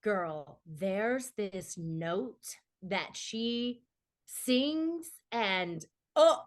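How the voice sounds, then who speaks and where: A woman's voice: mid-range voice, lively intonation, very slow. A woman actress, a guest on a podcast, chatting casually and expressively and laughing often. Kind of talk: casual chat.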